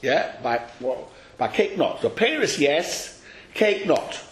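A man teaching a study class, explaining a text to his students in an animated, questioning way and calling on them by name. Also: a little high, slow pace. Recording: echoey room.

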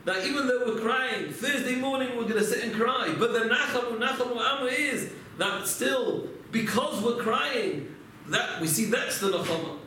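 A man's voice: very high-pitched, normal speed, bright, forceful tone, slight background noise. Man lecturing in an echoey room. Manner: storytelling, asks and answers his own rhetorical questions. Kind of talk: religious lecture. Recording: echoey room, mic far off.

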